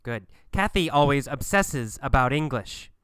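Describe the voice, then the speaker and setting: A man teaching an English lesson, speaking slowly and emphatically and repeating phrases for learners to copy. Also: mid-range voice, animated, fairly bright tone, smooth, no room sound, clean studio sound. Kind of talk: scripted language lesson.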